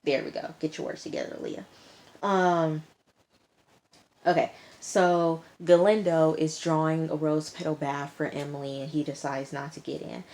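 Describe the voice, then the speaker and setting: Low-voiced woman giving a sassy recap. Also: little pitch movement, normal speed, a little mellow. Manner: sassy, talks back to the characters. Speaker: TV episode reviewer. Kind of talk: casual episode recap.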